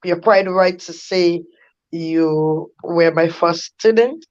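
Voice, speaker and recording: A woman minister, the guest speaker, answers her introduction graciously. She talks slowly in a lowish voice. Her sound comes through a muffled, lo-fi call line. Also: a little mellow.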